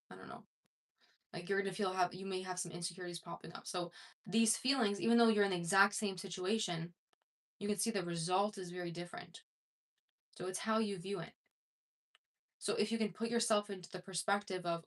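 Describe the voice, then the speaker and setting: A woman's voice: mid-range voice, a little fast, a bit bright. A woman self-improvement coach talking casually to her viewers, conversational and rambling, with many fillers and restarts. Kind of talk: casual talk to camera.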